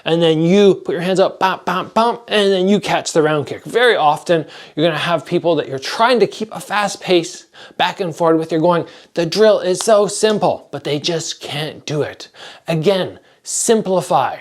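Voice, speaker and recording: Plain-spoken male fight coach, fairly high voice. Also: normal speed. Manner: direct and practical, acts out strikes with sounds. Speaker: martial arts coach. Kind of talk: instructional talk to camera.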